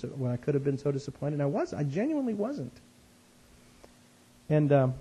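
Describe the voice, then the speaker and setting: A man telling a personal story in a conversational sermon, animated and self-deprecating, his voice jumping up high when he gets excited. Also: slightly rough. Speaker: speaker, Christian teacher. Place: West Coast of the US.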